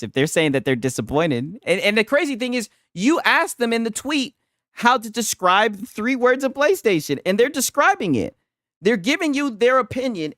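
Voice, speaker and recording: A man's voice: high-pitched, a bit bright, no room sound, clean studio sound. A man reacting to a clip on his stream, mocking and laughing, with lots of slang. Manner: mocking, laughing, slangy, replays and repeats lines. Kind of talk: casual reaction commentary.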